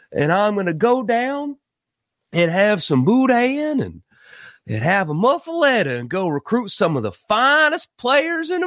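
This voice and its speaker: A man's voice: fairly high pitch, sharp tone, no echo, studio quality, full character voice. A man putting on an exaggerated fake Southern drawl as a boastful newcomer football coach.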